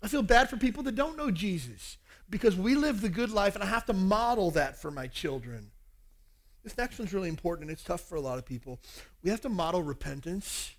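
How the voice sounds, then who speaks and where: A man's voice: high-pitched, lively intonation, brisk. A man in his forties preaching a sermon on parenting, telling a personal story and acting out family dialogue. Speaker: pastor.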